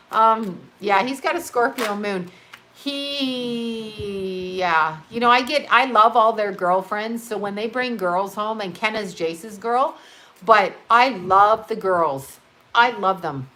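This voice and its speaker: Tired, chatty bright-voiced woman. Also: medium pitch, slight background noise, poor audio. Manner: chatty and rambling, swears, laughs often. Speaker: psychic astrology reader. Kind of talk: casual livestream tarot and astrology reading.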